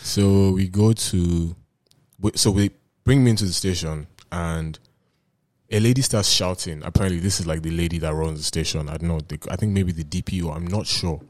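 A man's voice: low-pitched, fairly even intonation, normal speed, a little mellow, no echo. A man with a Nigerian accent, hosting a podcast and telling a story in a casual, laughing way. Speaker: podcast host.

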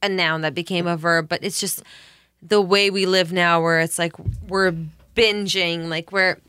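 Bright, playful woman podcast host. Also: on the low side, fairly even intonation, clear, resonant tone, no echo. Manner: playful, quick to joke and do voices. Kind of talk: casual group chat.

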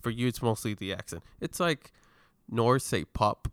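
A man's voice: medium pitch, expressive, normal speed, clear, resonant tone, no echo, studio quality. A man in casual podcast chat, laughing often and retelling moments with animation.

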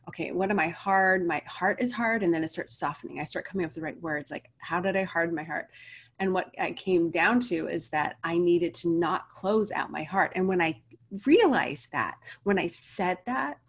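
A middle-aged woman talking casually and earnestly as a spiritual coach and card reader, rambling a little. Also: on the low side. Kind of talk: casual spiritual vlog talk. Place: home video setup.

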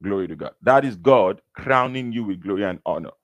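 Low-voiced preacher teaching scripture. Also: male voice, animated, no echo. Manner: slow, emphatic scripture teaching with repetition. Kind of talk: sermon.

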